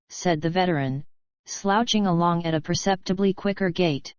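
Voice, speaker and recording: A woman narrating an audiobook in a steady, even reading. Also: on the low side, moderate pace, no room sound. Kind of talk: scripted narration. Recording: dry, slightly dull studio read.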